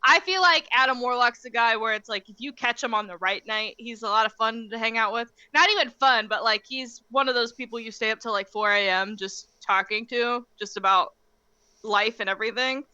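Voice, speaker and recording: Lively, bright-voiced young woman chatting. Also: on the high side, brisk, no room sound, highs cut off. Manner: animated, laughs often, many "like" fillers. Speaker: podcast co-host. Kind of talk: casual chat.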